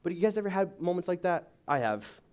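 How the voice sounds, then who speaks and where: A young youth pastor's high-pitched voice comes through clear and resonant as he speaks a little fast at a church youth service. He tells a joke story with acted-out voices, then prays and reads.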